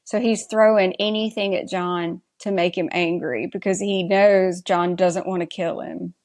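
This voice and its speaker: Woman, Southern US accent, podcast co-host, gravelly fry, dry close sound. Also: on the low side, fairly even intonation, measured pace, darkish tone, no echo. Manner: agreeable, short affirmations, dry remarks. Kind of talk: casual chat recapping a TV episode.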